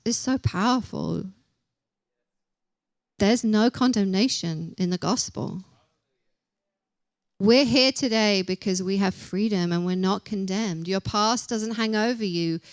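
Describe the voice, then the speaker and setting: A young woman gives a casual sermon, warm in her humor and quick to poke fun at herself. Her voice sits at a middle pitch. The sound is dry, with little room around it. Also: no room sound. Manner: chatty and self-deprecating, acts out quotes. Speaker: preacher.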